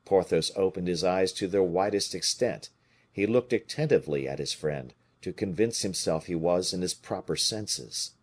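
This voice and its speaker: A man reading a classic novel aloud as an audiobook narrator, in a lively, expressive way. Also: low voice, normal speed. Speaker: audiobook reader.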